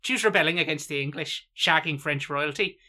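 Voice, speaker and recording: A man performs a sweary comic parody monologue, listing lines in a steady, rhythmic cadence. His voice is bright and forceful. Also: a little high, a little fast.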